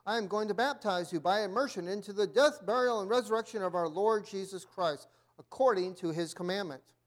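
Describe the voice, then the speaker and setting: A man's voice: high voice, brisk, lightly acted. A man voicing a stern old-time preacher who speaks firmly. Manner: stern, firm.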